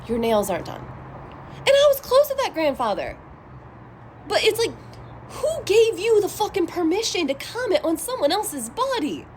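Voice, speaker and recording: A young adult woman talks bluntly through a casual tarot reading, swearing freely and getting heated. Her voice sits fairly high and swings widely up and down. A faint hiss runs under the recording. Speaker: tarot reader.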